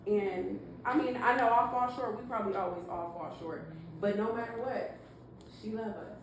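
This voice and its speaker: A woman giving a heartfelt, halting tribute to her grandmother at a family party. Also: mid-range voice. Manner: emotional, halting, earnest. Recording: echoey room, mic far off, noisy.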